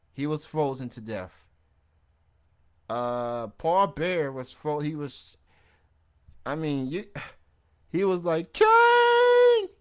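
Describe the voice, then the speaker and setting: A man's voice: a little high, clear, resonant tone. A man hosting a wrestling radio show in casual chat, rambling and laughing at his own jokes.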